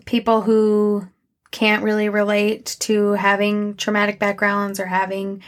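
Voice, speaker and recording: A young woman hosting a podcast, talking candidly in a reflective personal monologue, halting and full of restarts. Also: medium pitch, completely flat delivery. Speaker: podcast host.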